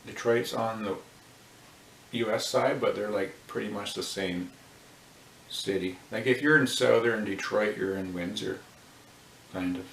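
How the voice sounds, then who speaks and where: Rambling low-voiced man in an echoey room. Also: unhurried, gravelly, pauses often, fairly bright tone, distant mic. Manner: rambling, self-mocking, thinks aloud. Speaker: vlogger. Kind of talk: casual joking monologue. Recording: roomy echo with faint noise.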